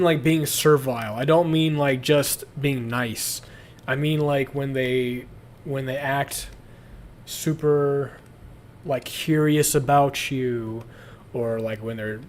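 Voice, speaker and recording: A man's voice: medium pitch, a little hiss or hum. A young man chatting casually on a livestream, crude and rambling, often breaking into laughter. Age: young adult. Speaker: streamer.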